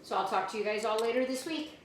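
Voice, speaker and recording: A woman teacher reading a picture book aloud to her students, pausing to explain new words to the children. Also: on the high side, a little hiss or hum. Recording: echoey room, mic at a distance.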